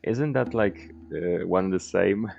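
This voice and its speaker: A man's voice: low voice, takes it slowly, creaky, darkish tone, dull audio. A man streaming a game and chatting casually, rambling, correcting himself and swearing offhand. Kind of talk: casual gameplay commentary.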